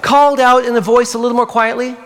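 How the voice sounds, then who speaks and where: Brief: pastor storytelling to kids, animated and playful, higher-pitched male voice. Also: quick pace, in a large hall. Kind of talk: children's sermon storytelling.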